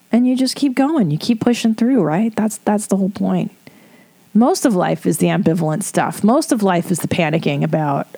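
A middle-aged woman talks through listener problems in a loose, candid way, with frequent swearing and quick laughs. Her voice is mellow and warm and sits at an ordinary pitch. It sounds like an unscripted podcast chat. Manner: frank, swears freely, laughs often. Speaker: podcast host giving advice. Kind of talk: casual advice chat.

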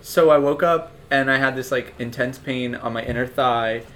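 A man's voice: mid-range voice, normal speed. A man in his twenties, a podcast co-host, telling a comic story in casual chat and acting out the people in it. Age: 20s. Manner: animated, acts out quotes with big jumps in voice.

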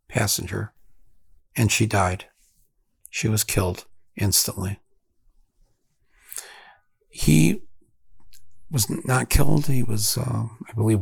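A man, hosting a podcast and telling a long story in a reflective, halting way. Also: on the low side, gravelly, slightly rough, no echo. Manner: reflective, halting, with fillers and restarts. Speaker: podcast host. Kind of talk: storytelling monologue.

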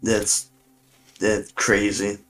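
A man's voice: fairly low pitch, completely flat delivery, extremely slow, a bit bright, soft background music, rough recording. A young man co-hosting a podcast, laid-back and rambling, swearing casually. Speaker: podcast co-host. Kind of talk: casual chat.

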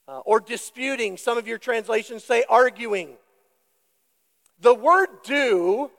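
A male pastor delivers a sermon in a high voice with a gravelly edge, taking it slow. His manner is deliberate and emphatic, and he turns to the congregation with questions. The sound carries the long reverb of a church sanctuary.

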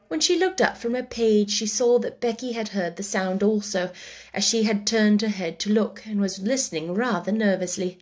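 A woman reading a children's book aloud chapter by chapter, soft and gentle, dropping to a whisper at tense moments. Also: mid-range voice, normal speed. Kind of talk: chapter-by-chapter read-aloud storytelling.

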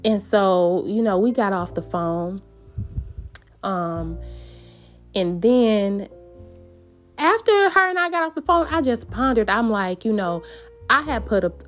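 Slow-paced woman telling a personal story. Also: medium pitch, animated, faint music behind. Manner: meandering, earnest, many fillers and restarts.

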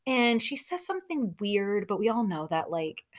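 A woman's voice: mid-range voice, normal speed. Chatty woman recapping reality TV. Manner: chatty and animated, acts out quotes in put-on voices. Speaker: podcast host recapping reality TV. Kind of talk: casual chat.

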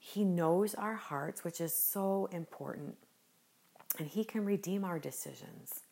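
A woman with a low voice hosts a devotional podcast. She talks slowly and gently with an earnest warmth, and a smile can be heard in her voice. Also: vocal fry. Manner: gentle, unhurried and earnest, smiling as she speaks. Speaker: podcast host.

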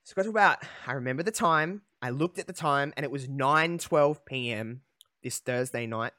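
A young man talks through a deeply personal story on a podcast, candid and emotional, pausing on fillers and restarts. His voice sits at an everyday pitch, recorded close and dry with no room sound around it. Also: pushed and bright, no echo. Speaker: podcast host.

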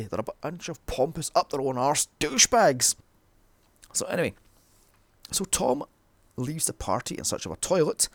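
A man's voice: mid-range voice, gravelly, no echo. A man recapping a film in a sarcastic, comedic way. He swears often and keeps breaking in with mocking asides.

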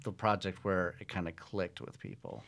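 A middle-aged man, a comedy writer, chatting in an interview in a relaxed way, laughing easily. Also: deep voice, normal speed, gravelly. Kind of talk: casual interview chat.

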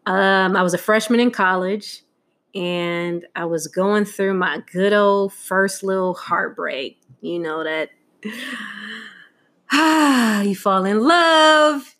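Slow and fairly even in intonation, this middle-aged woman's lowish, slightly bright voice carries a candid Mother's Day tribute. She laughs often while recounting a heartfelt story about her mother, performing the voices of the people she quotes.

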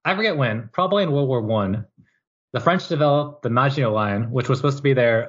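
A man's voice: mid-range voice, lively intonation, brisk, slightly rough, muffled recording. A man co-hosting a podcast, casually recapping history with jokes and mock quotes. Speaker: podcast co-host. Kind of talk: casual chat.

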